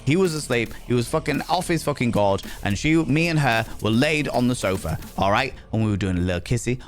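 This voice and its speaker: Young male streamer, casual and foul-mouthed, exasperated storyteller, faint background music. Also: medium pitch. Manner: sweary, exasperated, animated storytelling. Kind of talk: casual live-stream chat.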